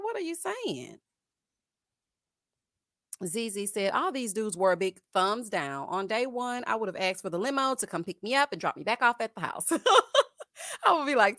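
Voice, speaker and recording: A woman hosting a live stream, giving sassy, animated commentary and calling her viewers "honey" and "child". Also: on the high side, no room sound, clean studio sound. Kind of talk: casual reality-show commentary.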